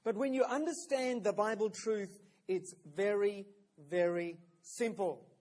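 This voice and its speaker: A man's voice: extremely high pitch, a little mellow. A man preaching a sermon, telling stories in a friendly way with frequent restarts. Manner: friendly storytelling with hesitant fillers and restarts.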